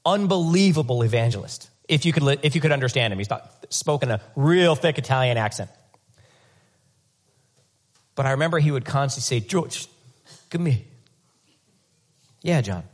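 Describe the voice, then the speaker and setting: A man's voice: mid-range voice, fairly quick, long pauses. Man preaching a conversational sermon. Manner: conversational, animated preaching with comic asides; repeats words while rethinking sentences. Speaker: pastor.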